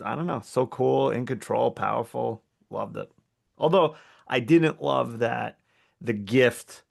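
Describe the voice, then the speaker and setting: A man with a mid-range voice and a lot of vocal fry. He talks loosely and hesitantly, with fillers and casual swearing, in a chat with friends. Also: mid-range voice. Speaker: podcast co-host.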